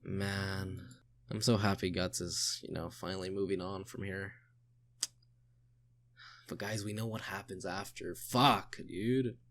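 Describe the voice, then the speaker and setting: A young man reads comic panels aloud and reacts to them as a channel host. His voice sits a little low and he takes his time, drawing the words out. He talks casually, sighs a lot and swears freely. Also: little pitch movement, a little slow, pauses often, slight background noise. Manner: casual, sighing, swears often.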